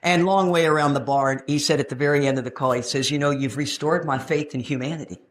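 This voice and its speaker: A woman in her sixties from Texas, telling her own recovery story at a meeting in a frank, animated storytelling way with touches of humor. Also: low voice, quick pace. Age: 60s. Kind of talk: personal testimony at a recovery meeting. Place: meeting room.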